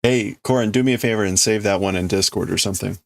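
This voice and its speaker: A man casually chatting on a livestream, talking quickly and laughing easily. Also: fairly low pitch, creaky, dry recording. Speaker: livestream host.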